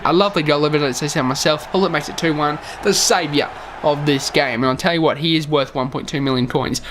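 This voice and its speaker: There's slight background noise as a young YouTuber with a voice on the high side speaks over his gameplay footage. Tired-sounding, he calls out every play and keeps saying "lads."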